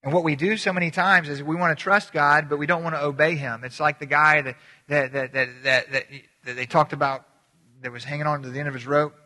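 A male pastor delivers a sermon in an animated, conversational way, acting out little voices with sudden jumps in pitch. He often restarts sentences haltingly and repeats words, and the recording carries a long hall reverb.

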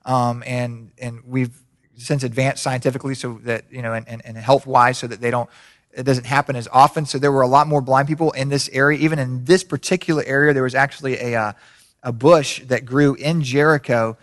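A man preaching a sermon, animated, building from conversational explanation up to shouted peaks. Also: mid-range voice, a little fast. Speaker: pastor.

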